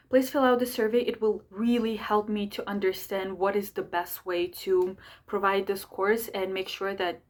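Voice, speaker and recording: A young woman astrologer and channel host, talking fast and energetically in a chatty monthly horoscope video, with many fillers. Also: medium pitch. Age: young adult. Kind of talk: fast casual monthly horoscope talk to camera.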